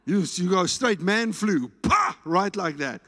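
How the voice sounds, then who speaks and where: A man with a South African accent preaching a sermon in a church, animated and playful. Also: high voice, a little slow. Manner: animated, playful preaching with food talk and shouts. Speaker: pastor. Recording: reverberant church hall.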